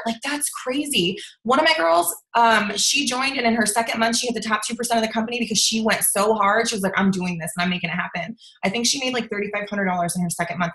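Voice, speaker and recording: A woman's voice: fairly high pitch, fairly bright tone, echoey room, low-quality recording. A young woman leading a sales team, giving an emphatic motivational talk on a video call and often asking "okay?" and saying "you guys". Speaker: team leader of a sales business.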